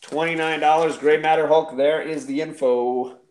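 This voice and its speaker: A man's voice: on the high side, steady tone, normal speed, darkish tone, slight background noise. Rambling joking man, roomy sound. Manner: joking, rambling, self-deprecating. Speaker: comic auction co-host. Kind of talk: casual live-stream chat. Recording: roomy echo.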